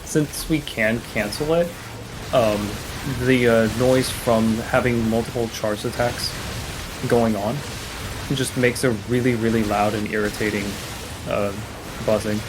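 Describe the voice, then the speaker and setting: A man explaining a speedrun route as he plays, in a halting, loose live-stream commentary style. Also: medium pitch, steady tone, background noise. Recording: game music playing behind the voice.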